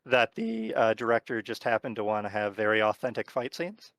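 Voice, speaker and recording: A man narrating as game master of a tabletop horror game, talking in a relaxed, rambling way with lots of fillers. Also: on the low side, fairly quick, no room sound.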